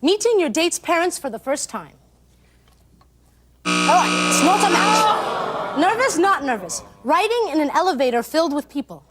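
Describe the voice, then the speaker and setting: Bubbly high-voiced female game show host. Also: very animated, heavy background noise. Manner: speaking in a put-on English accent; bubbly, quick quips to contestants. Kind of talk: upbeat game show hosting. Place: TV studio with live audience. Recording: loud studio music and audience.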